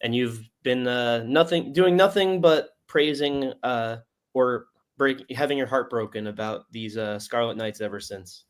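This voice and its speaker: Easygoing man co-host, mid pitch. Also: a little slow. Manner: easygoing, hesitant, many fillers. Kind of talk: casual sports talk.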